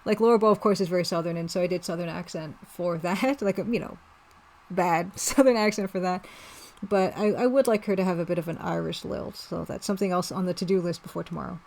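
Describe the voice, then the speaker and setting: A woman's voice: fairly low pitch, fairly even intonation, fairly quick, gravelly, darkish tone. A woman developer casually narrating and chatting while playing her own story game, rambling and self-deprecating. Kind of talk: casual let's-play commentary.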